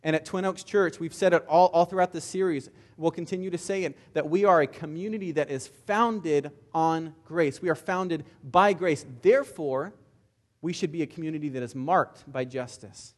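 Fervent preaching man, slightly high voice. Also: moderate pace. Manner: impassioned preaching with frequent word repeats. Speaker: pastor. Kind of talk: sermon.

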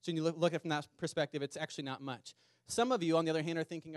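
A man preaching a sermon to a small church congregation, earnest, repeating words and slowing down to stress key lines. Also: fairly high pitch, fairly even intonation, no echo, clean studio sound. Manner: earnest, repeats words, speeds up and slows for emphasis. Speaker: pastor. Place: small church meeting in a community center.

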